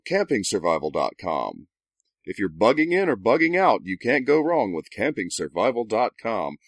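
Male podcast host, lowish voice, dry close sound, deadpan ad reads. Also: no room sound. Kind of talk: casual podcast talk and read ads.

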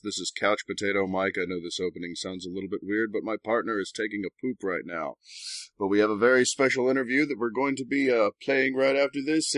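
A man co-hosting a podcast, reading sponsor ads and the intro in a jokey, deadpan way. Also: lowish voice, dry recording. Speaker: podcast co-host. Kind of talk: casual podcast talk and read ads.

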